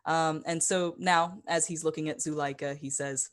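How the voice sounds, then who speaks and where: A woman narrating as game master in a tabletop game, pausing often with ums and uhs. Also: deep voice, steady tone. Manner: hesitant, lots of ums and uhs.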